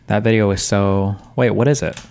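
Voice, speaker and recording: A man's voice: lowish voice, steady tone, moderate pace, creaky, darkish tone, clear, resonant tone. Blunt, profane male streamer. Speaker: streamer reacting to clips. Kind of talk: live stream commentary.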